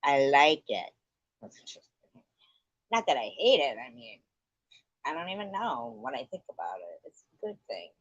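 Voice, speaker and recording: A woman hosting a livestream. She rambles in an offhand, profane way at an unhurried, drawn-out pace. Her voice is dry and close, with dull lo-fi sound. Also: rumbling low, sing-song, husky, no echo. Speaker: livestream host. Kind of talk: casual chat.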